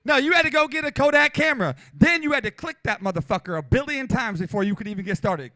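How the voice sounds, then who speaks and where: A man in his forties doing a profane stand-up routine at a small comedy venue, brash and loud, often breaking into shouts. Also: very high-pitched, expressive, quick pace, few pauses, no room sound.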